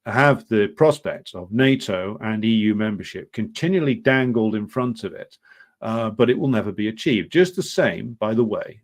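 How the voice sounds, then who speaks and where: A man delivering off-the-cuff commentary while reading from an article. His voice sits a little low, and he often stalls on fillers and restarts. His tone is dry and sardonic. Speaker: political commentary host.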